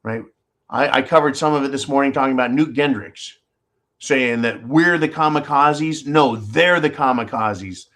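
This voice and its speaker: A man in the middle of an angry rant on his own live show, swearing and hammering the same phrases again and again. His voice sits in an ordinary middle pitch, and he keeps calling out to his audience as folks. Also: moderate pace, fairly bright tone. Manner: fired-up, profane, repeats phrases, addresses "folks". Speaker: host of a live call-in show. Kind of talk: heated political rant.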